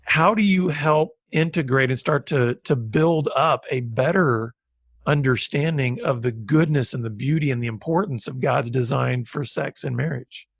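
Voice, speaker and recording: A man's voice: mid-range voice, normal speed, creaky, husky, dry recording, studio quality. A man hosting a podcast interview, asking long, winding questions. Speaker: podcast host.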